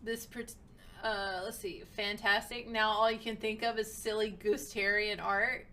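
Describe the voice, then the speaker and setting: A woman streamer giving casual let's-play commentary, reacting loudly and swearing with excitement. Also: mid-range voice, normal speed, slight background noise.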